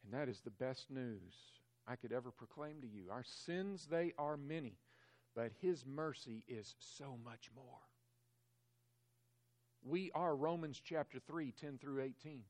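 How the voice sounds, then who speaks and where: A man preaching a sermon as pastor, emphatic, swelling louder on key phrases and dropping low and quiet on others. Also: a little slow.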